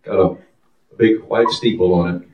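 A man's voice: sits low, steady tone, moderate pace, mellow, reverberant, a little hiss or hum. A man preaching a testimony sermon in a fervent, sing-song style, calling out hallelujahs, recorded from a distance in a church. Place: church sanctuary.

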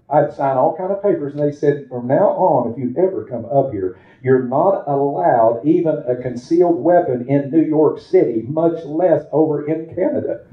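Male pastor, sermon, folksy storyteller turning fervent, fairly high voice, muffled lo-fi sound. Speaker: preacher. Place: church sanctuary. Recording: roomy, dull lo-fi church recording.

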